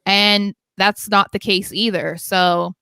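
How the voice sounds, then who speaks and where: Bright, chatty woman podcast co-host. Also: medium pitch, steady tone, slow, gravelly, clear, resonant tone, dry recording. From New England. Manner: chatty, laughing, heavy on fillers like "um" and "yeah, no". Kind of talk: casual podcast chat.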